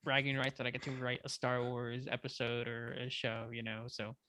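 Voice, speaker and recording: Excitable stammering man. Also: mid-range voice, normal speed, a crowd in the background. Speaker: filmmaker guest. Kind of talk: casual chat.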